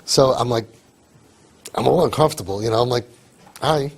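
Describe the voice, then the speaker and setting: A man giving an animated storytelling talk, acting out quoted voices and mixing in Yiddish and Hebrew terms. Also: mid-range voice, moderate pace, husky. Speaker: speaker on outreach to youth.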